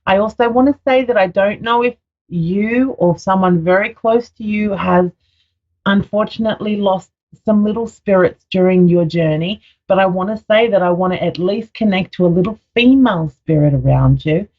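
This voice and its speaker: Woman radio psychic, tender and reassuring, mid-pitched, lo-fi sound. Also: normal speed. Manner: soothing, affectionate, calls caller sweetheart. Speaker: psychic medium. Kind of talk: live radio psychic reading.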